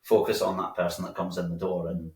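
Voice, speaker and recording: A man's voice: sits low, monotone, fast. A man, a bar owner chatting as a guest, rambling with lots of restarts. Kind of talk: casual interview chat. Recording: roomy sound from a distant mic.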